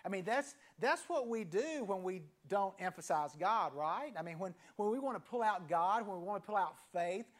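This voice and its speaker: A pastor in his fifties delivers a sermon in an easy, conversational voice. He tells a story, then pauses and lets the ends of key phrases fall to a soft near-whisper. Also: sits high, lively intonation. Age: 50s.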